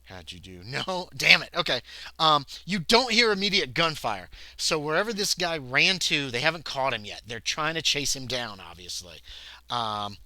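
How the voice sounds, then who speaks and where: A man running a tabletop horror game as game master, chatty and loose, now and then shouting out quick character lines. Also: medium pitch, sing-song, dry recording. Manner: chatty, breaks into loud shouted character voices.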